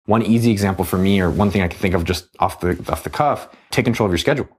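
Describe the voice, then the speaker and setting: A man with a fairly low, husky voice hosting a podcast chat. He talks quickly and loosely, stacking fillers and restarts as he goes. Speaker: podcast host. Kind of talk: casual conversation.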